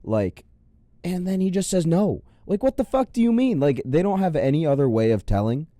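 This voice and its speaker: A man's voice: on the high side, sing-song, moderate pace, dark tone, dry recording. A young man hosting a reaction commentary video, sarcastic, profane and incredulous.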